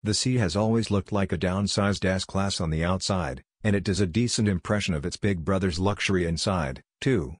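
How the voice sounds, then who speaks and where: A man giving a scripted car review voice-over in an even, measured reading. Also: deep voice, no echo, clean studio sound.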